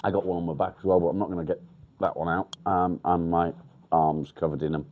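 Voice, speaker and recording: An English man hosting a casual livestream, chatting bluntly with viewers, swearing freely and filling pauses with ums. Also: low voice, fairly even intonation, a little mellow. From England. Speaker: livestream host. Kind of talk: casual live chat with viewers. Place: outdoors by a field.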